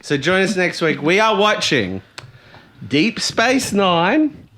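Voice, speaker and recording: Bright-voiced giggly man. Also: high-pitched, sing-song, slow. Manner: giggly, swearing, playfully teasing. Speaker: podcast co-host. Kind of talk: casual chat.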